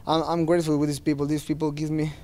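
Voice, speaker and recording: A man's voice: a little high, level tone, fast talker, warm tone. A man speaking as a fighter at a post-fight press interview, earnest and plain-spoken, with non-native phrasing.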